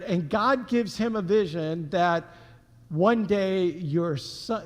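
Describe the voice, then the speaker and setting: A pastor delivers a sermon in a fairly high voice, telling the story in a loose, conversational way and dropping casual slang. His voice rings out with a long church reverb behind it. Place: church sanctuary.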